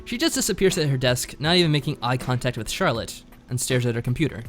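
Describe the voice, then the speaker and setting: A man's voice: medium pitch, fast, soft background music. A man streaming a visual novel, chatting casually and reading the narration aloud. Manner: laid-back, reads narration aloud with lively inflection.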